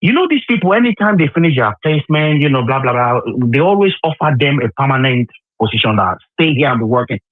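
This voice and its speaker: A man's voice: medium pitch, animated, fast talker, dry recording. A Nigerian man on a call, emphatic and repeating himself in heated political chat. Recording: tinny phone line.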